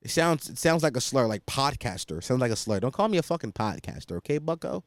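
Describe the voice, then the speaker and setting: A man's voice: mid-range voice, sing-song, quick pace, dry recording, studio quality. A young man hosting a podcast, chatting casually in a rambling, profane and self-mocking way. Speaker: podcast host. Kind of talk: casual solo chat.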